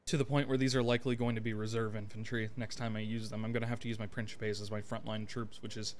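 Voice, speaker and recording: A young man giving casual, rambling commentary over his strategy game, swearing freely and thinking out loud with lots of fillers. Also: lowish voice, flat delivery, fast, slight background noise. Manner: rambling, profane, with frequent fillers. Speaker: gameplay video host.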